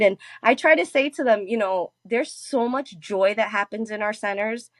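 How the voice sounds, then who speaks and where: A woman's voice: a little high, moderate pace, few pauses, no echo. A woman speaking as a guest from a grief support nonprofit, talking in an earnest conversational way and often asking "right?". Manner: warm, earnest, often adds "right?" and "you know". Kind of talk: conversational interview.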